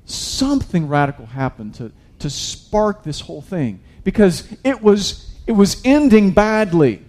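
Male pastor, slightly high voice, chatty sermon delivery with lots of restarts. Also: a little mellow. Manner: conversational preaching, addresses listeners as guys, many restarts.

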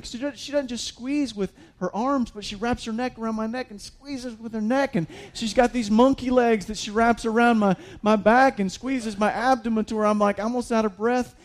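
A man preaching a sermon as a pastor, conversational with many fillers and restarts, building to emphatic peaks. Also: extremely high pitch.

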